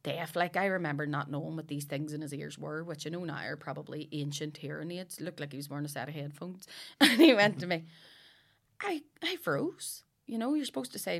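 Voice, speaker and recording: A woman's voice: sits low, lively intonation, a little fast, creaky, fairly bright tone. A woman telling a story in casual chat, laughing and acting out the lines of the people in it. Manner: laughing, acts out quotes, swears.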